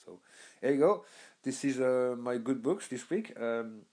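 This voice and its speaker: A young man from Birmingham, England, hosts a podcast recommending books, speaking in a mellow, mid-range voice that's animated yet unhurried. His casual monologue rambles, with lots of fillers and restarts.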